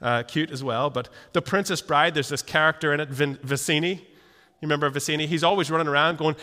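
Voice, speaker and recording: A man preaching a sermon, his voice bright and a little high for a man. He tells the story with animated asides and frequent stammered restarts. The sound rings with a long reverb, as in a church hall. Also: fairly quick.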